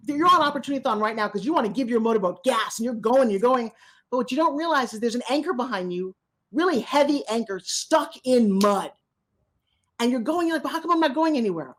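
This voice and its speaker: A woman with a slightly high voice delivers a motivational talk with animated energy. She speaks straight to her listeners with urgency and slips into quick acted-out exchanges to drive her points home. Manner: animated, acts out little dialogues; direct, urgent address to listeners.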